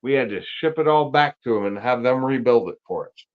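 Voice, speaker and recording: A man's voice: mid-range voice, lively intonation, brisk, narrow, tinny audio. Blunt man swearing through casual chat. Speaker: guest on a car livestream.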